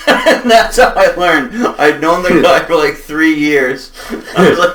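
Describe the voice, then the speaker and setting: A man's voice: fairly high pitch, unhurried, a bit bright, distant mic. A man co-hosting a podcast who chats casually, tells laid-back stories, swears freely and laughs often. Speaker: podcast co-host. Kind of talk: casual chat.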